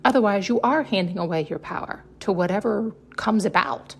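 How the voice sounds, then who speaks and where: A woman hosts her own podcast as a casual spiritual monologue. She is blunt and swears freely, hammers her points home with repetition, and keeps asking rhetorical questions. Her voice sits at a middling pitch. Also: a little fast, gravelly, breathy edge. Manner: blunt and heavy on profanity, with frequent laughs. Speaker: podcast host.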